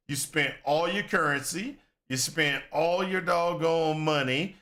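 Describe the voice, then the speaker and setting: A gaming content creator with a slightly high, bright voice speaks unhurriedly but forcefully. His reaction commentary on a video game is casual and rambling as he vents in exasperation and acts out complaints he once made.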